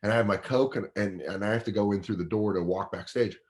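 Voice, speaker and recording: Low-voiced man telling a profane story. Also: fast talker. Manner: profane, animated, acts out other people's voices. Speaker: guest comedian. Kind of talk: casual storytelling.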